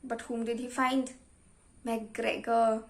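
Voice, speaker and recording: Woman teacher, high voice, patient questions for young pupils. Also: level tone. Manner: slow, patient, asks the class questions. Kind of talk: explaining a story to young children.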